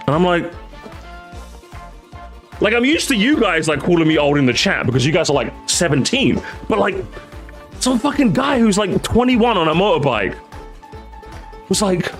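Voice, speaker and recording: A young man chatting casually on a live stream. He is jokey and animated, and now and then jumps into high, squeaky exclamations. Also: normal speed, pauses often, soft background music.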